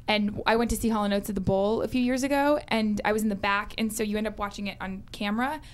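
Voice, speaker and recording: Fast-talking young woman comedian guest. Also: mid-range voice, fairly even intonation, a little hiss or hum. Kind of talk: casual interview storytelling.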